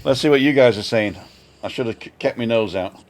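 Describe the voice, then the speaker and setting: A man's voice: mid-range voice, brisk. Older man rambling through a story. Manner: rambling storyteller, chuckling, self-mocking. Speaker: vlog co-host. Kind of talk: casual chat on a live stream. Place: home balcony.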